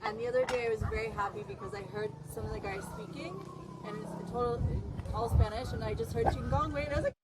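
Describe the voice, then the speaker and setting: A woman student in a class, sharing a small win in a quick, cheerful way from across the room. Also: fairly high pitch, steady tone, crowd noise, low-quality recording.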